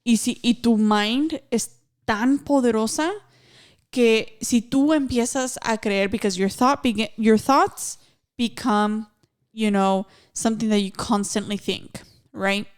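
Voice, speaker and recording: A woman with a smooth, clear voice co-hosts a casual podcast. She talks in an earnest, reflective way, now and then dropping in a Spanish phrase. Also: fairly high pitch, a little slow. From Mexican-American. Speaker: podcast co-host.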